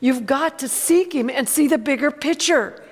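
A woman delivers an emphatic sermon and keeps asking her congregation for an amen. Her voice sits high, and a long reverb trails after her words as if she is in a large hall. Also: moderate pace. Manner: emphatic, calls out for amens. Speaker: preacher.

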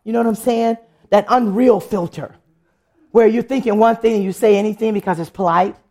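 A woman sharing a humorous personal testimony in church, telling stories in an animated way and laughing often. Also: medium pitch, brisk.

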